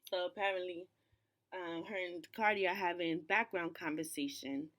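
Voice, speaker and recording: A woman's voice: lowish voice, fairly even intonation, moderate pace, a bit bright. A woman hosting a casual pop-culture commentary channel off camera, talking in a loose, slangy way with lots of fillers. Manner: chatty, loose, slangy, with frequent "you know" and "um". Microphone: off camera, voice-over.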